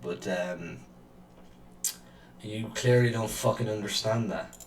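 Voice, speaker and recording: A man's voice: lowish voice, takes it slowly, reverberant, recorded from a distance, slight background noise, low-quality recording. A man hosting a reaction video, ranting angrily with lots of swearing and filler words. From Ireland. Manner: angry, sweary, rambling with many fillers. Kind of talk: profane ranting commentary.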